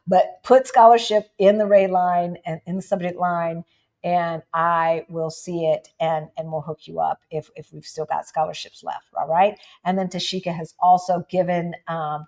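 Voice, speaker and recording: A woman from the United States co-hosts a casual livestream, chatting with viewers and frequently asking "right?". She's animated and jumps up in pitch for emphasis.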